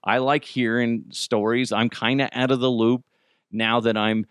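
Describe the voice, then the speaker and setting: A man with a Cajun accent hosting a podcast, telling stories in a joking, profane, animated way. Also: medium pitch, unhurried, clean tone, no echo, studio quality. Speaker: podcast host. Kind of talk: casual comedic monologue.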